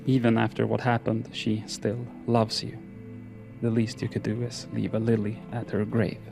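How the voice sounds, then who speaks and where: A man narrating horror fiction in a slow, measured, solemn delivery. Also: on the low side, monotone, gravelly, over music.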